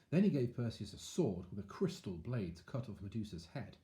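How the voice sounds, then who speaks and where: A man's voice: lowish voice, a little fast. A man reading a picture book aloud to children, with chatty asides. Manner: animated, chatty asides to young listeners. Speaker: storyteller.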